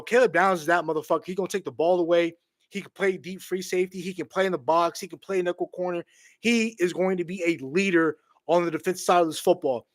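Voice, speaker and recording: A man hosting his own live stream, reacting with loud excitement and a lot of swearing, repeating himself and calling the audience bro and homie. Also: sits high, dry recording, studio quality. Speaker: streamer hosting a draft watch party.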